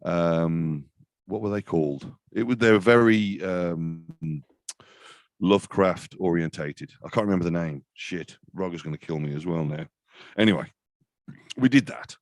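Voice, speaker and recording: Brit guy in his 50s, deep voice, rambles, lots of restarts, dry sound. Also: a little slow, no echo. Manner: rambling, self-deprecating, many restarts. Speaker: guest, death metal vocalist. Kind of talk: casual interview chat.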